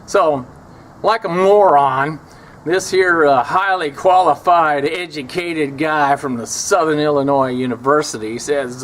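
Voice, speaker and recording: A man's voice: on the high side, unhurried, a bit bright, a little hiss or hum. A man telling a story from his years as a prison officer, wry and scornful, acting out the people he quotes. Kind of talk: casual storytelling.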